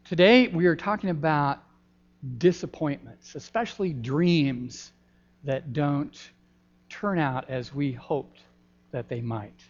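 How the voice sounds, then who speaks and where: An older man, a pastor giving a gentle, folksy children's sermon in a church, pausing often with ums. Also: on the high side. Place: church sanctuary. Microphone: handheld microphone. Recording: dull lo-fi church recording.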